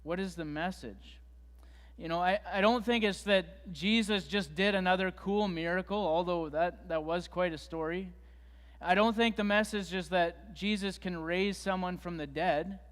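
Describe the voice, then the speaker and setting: Guy giving a chatty sermon, kinda high voice, long church reverb. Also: normal speed. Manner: conversational, retelling scripture with fillers and restarts. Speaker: preacher. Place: church sanctuary.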